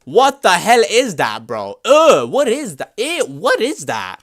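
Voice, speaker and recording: A man streaming live at his computer, chatting casually in an excitable, slangy, swear-heavy way. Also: high voice, takes it slowly, no room sound, studio quality.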